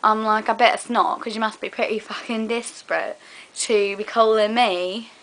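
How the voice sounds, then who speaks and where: A woman's voice: on the high side, steady tone, moderate pace, a bit bright. A young woman chatting casually to a fellow vlogger in a put-on British accent, rambling with many fillers. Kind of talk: casual chat to a collab partner.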